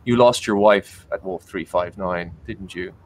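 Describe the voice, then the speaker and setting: A quiet, measured starfleet admiral speaks calmly in a tabletop game, as a game master puts him on. The voice sits low and is kept soft. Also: male voice, a little hiss or hum. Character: calm older male starfleet admiral.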